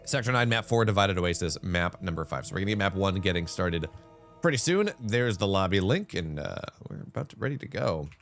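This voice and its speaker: A man doing live-streamed esports commentary, animated and chatty with rambling asides. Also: low voice, brisk, faint music behind.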